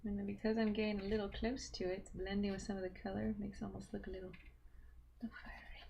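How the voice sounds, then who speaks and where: A woman's voice: mid-range voice, little pitch movement, very fast, vocal fry, mellow, a little hiss or hum. A woman hosting a drawing livestream from home, chatting casually to herself and her viewers as she works, sometimes dropping into a whisper. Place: home room.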